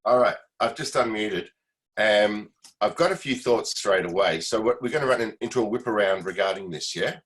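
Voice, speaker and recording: Participant: man, lowish voice, rambling advisory talk over a video call. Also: moderate pace, a bit bright, low-quality recording. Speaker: meeting participant, former session musician. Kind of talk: casual video-call chat.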